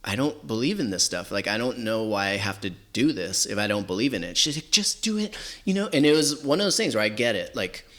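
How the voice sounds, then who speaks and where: A man's voice: lowish voice, very animated, fast, hardly any pauses, fairly bright tone. A man from Southern California in his forties, telling stories in a casual chat, rambling with lots of filler words. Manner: rambling, heavy use of "like" and "you know". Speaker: podcast guest. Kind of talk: casual storytelling.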